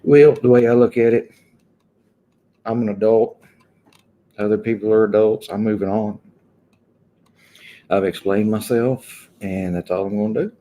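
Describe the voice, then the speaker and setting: A man's voice: lowish voice, steady tone, a little slow, long pauses, dark tone. A man hosting a casual livestream, chatting loosely and greeting viewers one by one from an indoor room. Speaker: livestream host. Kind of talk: casual live chat with viewers.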